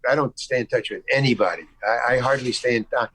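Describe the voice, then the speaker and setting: A man's voice: mid-range voice, quick pace, sharp tone, husky, no room sound, poor audio. Stammering man telling a story. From United States. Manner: rambling, with frequent restarts and stammers; acts out quoted dialogue in the story. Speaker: guest actor. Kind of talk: casual anecdote storytelling. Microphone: video call.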